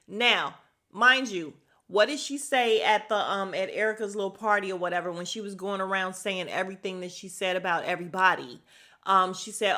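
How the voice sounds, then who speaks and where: A woman's voice: mid-range voice, normal speed, pushed and bright. A woman hosting a podcast, chatting casually and gossipily as she recaps a show and acts out the quotes.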